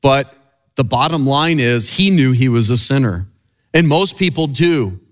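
A man preaching a sermon in an earnest way, rising and falling in pitch and slowing down on key phrases. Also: animated. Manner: earnest, swinging high and low for emphasis, slowing on key phrases.

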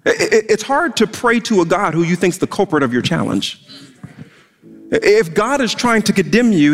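A male pastor preaching a sermon in an unusually high voice, driving his points home with emphatic, stumbling repeats. His words trail off in the long reverb of a large hall.

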